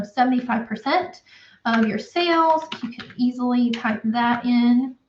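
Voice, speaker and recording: A woman with a Southern accent, an accountant chatting through a spreadsheet walkthrough on a livestream, explaining loosely with lots of fillers. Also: on the high side. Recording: roomy, slightly dull livestream audio.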